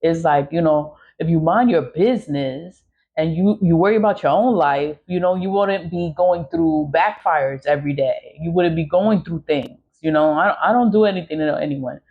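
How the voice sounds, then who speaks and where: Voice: mid-range voice, moderate pace. Vlog host, blunt and emphatic, swears freely, mid-range voice, slightly muffled audio. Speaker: content creator. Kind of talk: casual vlog monologue.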